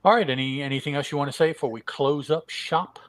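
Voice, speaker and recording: A man's voice: on the high side, fast, no room sound. A man co-hosting a podcast, adding wry, joking comments about comics. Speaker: podcast co-host. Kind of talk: casual chat about comics.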